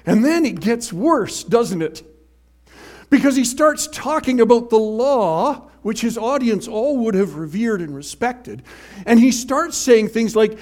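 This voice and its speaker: A man preaching a sermon in an animated, emphatic way, swinging from loud to hushed. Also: extremely high pitch, a little slow.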